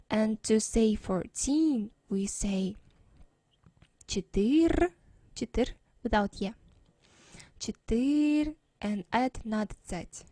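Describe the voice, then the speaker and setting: A woman's voice: fairly high pitch, darkish tone, dry recording. A woman with a Russian accent teaching a language lesson over slides, patiently repeating words for practice.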